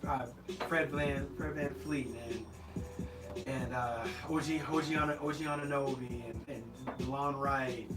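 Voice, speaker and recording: A man's voice: mid-range voice, fairly even intonation, a little slow, recorded from a distance. A man co-hosting a casual sports podcast, rambling through his analysis with many restarts and repeated words. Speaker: podcast co-host. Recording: roomy, off-mic, loud game music.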